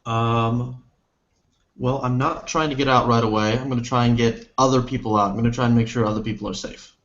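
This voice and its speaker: A man's voice: medium pitch, steady tone, fairly quick, a bit bright, highs cut off. A man playing a tabletop game, describing his actions in first person and correcting himself as he goes. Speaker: player.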